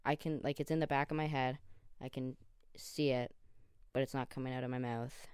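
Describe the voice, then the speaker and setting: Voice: medium pitch, steady tone, quick pace, clear, resonant tone, no echo, studio quality. A young host in their late teens, talking in a casual, rambling monologue full of fillers and self-deprecating asides, often losing track mid-sentence. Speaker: podcast host.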